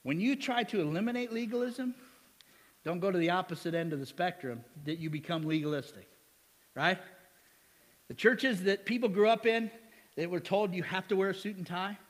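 A man's voice: high-pitched, moderate pace, in a large hall. A male pastor preaching a sermon in a church. He talks in a joking, conversational way and keeps asking the congregation questions. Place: church sanctuary.

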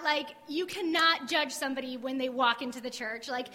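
A woman's voice: sits high, moderate pace, pushed and bright. A woman candidly telling her faith story at a church service, chatty and full of "like" asides. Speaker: guest sharing testimony. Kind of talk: casual testimony on church stage. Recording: long hall reverb.

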